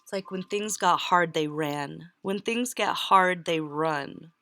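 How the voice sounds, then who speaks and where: A woman giving a casual tarot reading, chatty and quick to laugh, often breaking off and restarting her words. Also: on the low side, sharp tone, dry recording. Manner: chatty, laughs easily, breaks off mid-word. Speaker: tarot reader.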